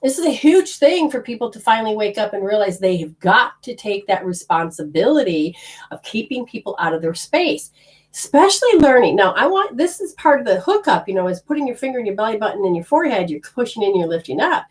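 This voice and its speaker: A woman's voice: medium pitch, big pitch swings, a little fast. A middle-aged woman teaching energy healing to a group in a casual, blunt way, swearing now and then.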